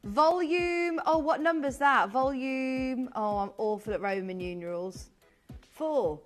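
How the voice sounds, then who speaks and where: Woman, TV shopping host, gushing, chatty, fairly high voice, from Britain. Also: faint music behind. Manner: bubbly, gushing, quick asides. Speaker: shopping channel presenter. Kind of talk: live TV sales presentation.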